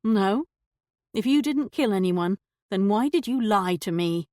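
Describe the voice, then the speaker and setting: A woman's voice: mid-range voice, animated, a little slow, a little mellow, dry recording, clean studio sound, lightly acted. A woman voicing a shrewd young lady detective who questions a suspect with poised, pointed politeness. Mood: pressing.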